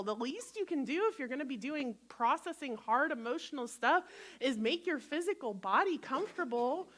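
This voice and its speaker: A woman guest minister, giving an animated sermon in a church and acting out inner voices. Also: on the high side, moderate pace. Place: church sanctuary.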